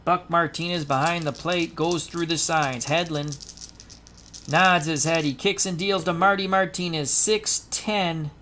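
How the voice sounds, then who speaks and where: A man with a slightly high voice, speaking a bit slowly over light background noise, gives chatty play-by-play of a tabletop baseball dice game. Between rolls he addresses chat viewers, excitable and fond of rhymes and asides.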